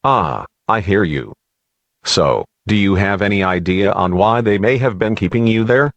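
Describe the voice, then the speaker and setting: A man playing a radio news host, asking calm, measured questions in an amateur audio drama. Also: fairly low pitch, highs cut off, slight background noise. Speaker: radio interviewer.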